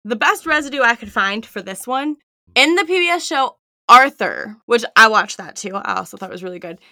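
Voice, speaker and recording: Bright, earnest woman, close dry sound. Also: on the high side, animated, brisk, no echo. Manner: earnest, matter-of-fact, reports findings. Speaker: podcast co-host. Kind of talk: casual chat.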